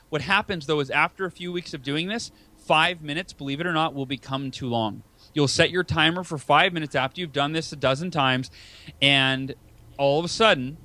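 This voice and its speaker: A man in his thirties, an author and speaker, talking as a podcast guest. He tells stories in a lively way, acts out his feelings in quoted voices and often repeats words at the start of a sentence. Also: on the high side. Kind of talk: conversational storytelling.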